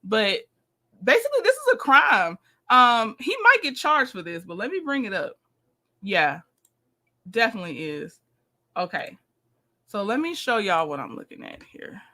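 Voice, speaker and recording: Woman, livestream host, bright and forceful voice, chatty and direct with her chat. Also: medium pitch, very animated, normal speed, pauses often. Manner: chatty, talks to viewers, reads texts aloud. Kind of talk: casual live commentary.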